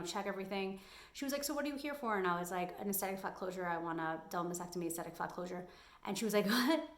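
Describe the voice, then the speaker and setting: A woman's voice: lowish voice, roomy sound. A young adult woman giving candid, emphatic advice in a personal vlog. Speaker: vlogger.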